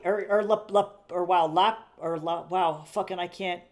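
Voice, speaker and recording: An artist streaming live while drawing chats and rambles, often fixing what they just said and repeating phrases. They swear casually, laugh at their own jokes, and speak at a moderate pace with few pauses in a medium-pitched, fairly even voice.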